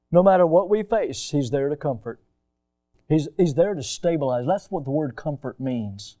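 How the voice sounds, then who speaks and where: A middle-aged man preaching a sermon, telling a personal story and stretching key words slowly for emphasis. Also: high voice, dark tone, clean tone. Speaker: pastor.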